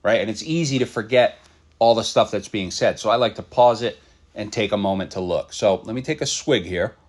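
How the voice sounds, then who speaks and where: Low-voiced male reaction host, blunt and fired up, swears casually. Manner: fired-up, blunt, swears, pauses often with fillers. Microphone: computer setup at a desk.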